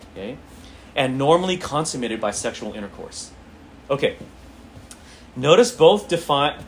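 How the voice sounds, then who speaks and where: A man's voice: medium pitch, a little hiss or hum. Man teaching a Bible class, "okay?". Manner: conversational, repeats phrases, frequent "okay?" check-ins.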